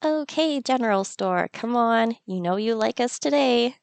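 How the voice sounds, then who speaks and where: A woman's voice: a little high, expressive, unhurried, creaky, dry recording. A woman hosting a let's-play of a farming game, chatting playfully and laughing often. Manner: playful, giggly, talks to the game. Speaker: gaming channel host. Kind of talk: casual let's-play commentary.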